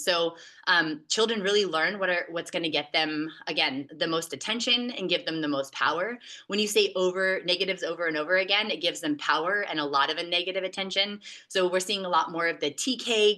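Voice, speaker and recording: Woman doing a teaching talk, kinda low but really bright voice, lots of ums and restarts. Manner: conversational, hesitant with many filler sounds. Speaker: behavior support presenter. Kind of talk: recorded teaching presentation.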